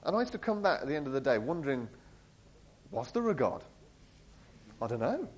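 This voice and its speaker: Casting note: a slightly high-voiced man who tells a personal story. He laughs a lot, acts out the voices he quotes, and his pitch swings widely. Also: sing-song, brisk, low-quality recording. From England. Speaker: speaker sharing a personal testimony. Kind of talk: storytelling talk.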